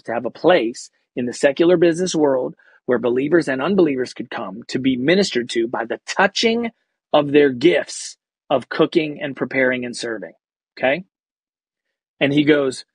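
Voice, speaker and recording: A man's voice: mid-range voice, slightly rough, dry recording. A man who is an actor and comedian, telling a story animatedly in casual, slangy talk as a podcast guest. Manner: energetic, acts out quoted voices.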